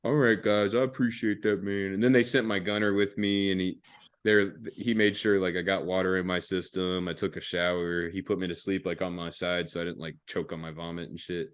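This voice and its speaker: A deep, level, smooth voice moves fairly quickly as a young man hosts his podcast and tells a casual story. He's relaxed and foul-mouthed, laughing frequently and using slang plus fillers such as "dude" and "man."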